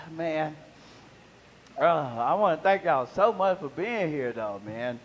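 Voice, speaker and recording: Older male comic with a high voice, loose and rambling live set, chuckling through his punchlines. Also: sing-song, slow, lo-fi sound, a little hiss or hum. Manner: rambling, playful, laughs at own jokes. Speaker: stand-up comedian, guest. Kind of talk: live stand-up comedy. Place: live comedy venue with audience.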